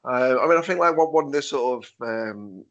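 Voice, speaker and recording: A man's voice: mid-range voice, lively intonation, normal speed, a bit bright, dull audio. A man with a Stoke accent hosting a podcast, jokey, laughing often and restarting his sentences. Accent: Stoke-on-Trent. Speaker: podcast host. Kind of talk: casual podcast chat.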